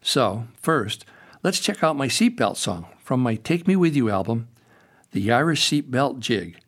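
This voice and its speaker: A man's voice: medium pitch, very animated, unhurried. Earnest older man explaining songs. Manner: earnest, explanatory, gently preachy. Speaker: host and children's songwriter. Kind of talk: reflective spoken commentary.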